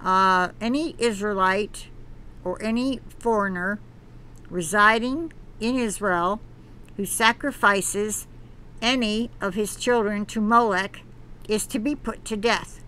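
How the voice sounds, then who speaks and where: Woman, channel host, reads an article aloud slowly with preachy asides; bright, fairly high voice. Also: clear, resonant tone. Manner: earnest, preachy asides between read passages; halting, with restarts. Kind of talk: reading an article aloud with commentary.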